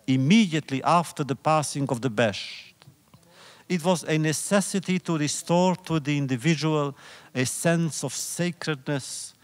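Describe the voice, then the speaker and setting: A man gives a public lecture in a hall with a slightly raised pitch. He takes an unhurried, deliberate pace and builds his points through rhetorical repetition. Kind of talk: public lecture on religious history.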